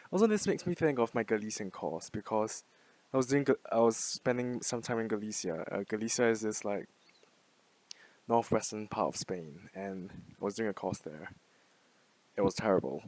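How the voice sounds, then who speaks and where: A man's voice: lowish voice, a little mellow, dry recording. A young man in his twenties talking through an unscripted casual monologue, rambling with lots of fillers, casual swearing and frequent laughs. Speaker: language-learning vlogger.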